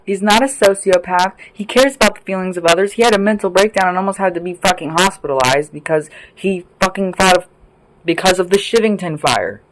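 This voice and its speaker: A man's voice: high voice, rough recording. A man ranting to camera in an indoor room, heated, profane and emphatic, repeating his points. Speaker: vlogger.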